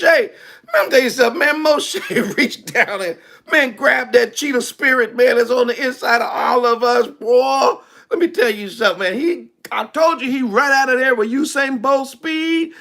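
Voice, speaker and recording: A male preacher, telling a story in an animated sermon, laughing and shouting at peaks. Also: very high-pitched, normal speed, gravelly.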